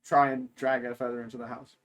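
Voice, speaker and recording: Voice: medium pitch, flat delivery, a little fast, muffled recording. A player in a tabletop game chatting casually and laughing often.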